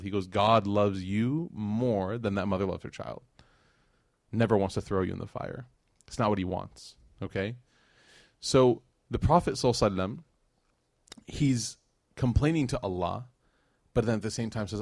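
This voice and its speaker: A man in his thirties giving a conversational religious lecture, telling family stories with animated delivery. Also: lowish voice, fairly quick, gravelly, no echo, clean studio sound. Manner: animated storytelling, acts out his son's lines. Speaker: Islamic lecturer.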